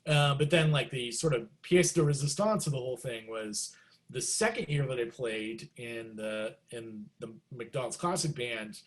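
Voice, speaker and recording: A middle-aged guest musician tells stories during a casual interview, acting out quotes with big leaps in pitch.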